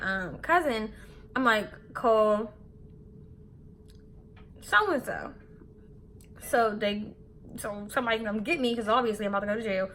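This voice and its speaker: Animated young woman telling a candid story. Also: on the high side, slight background noise. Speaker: beauty vlogger. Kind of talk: storytime vlog while getting ready.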